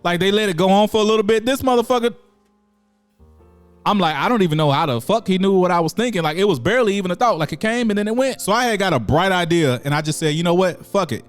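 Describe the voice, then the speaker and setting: A man speaking tells his story casually, cursing freely and jumping into quick impressions of the people in it. His voice sits a bit high for a man. Faint music runs under the talk. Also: smooth. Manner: profane, animated, acts out quotes. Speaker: storyteller vlogger.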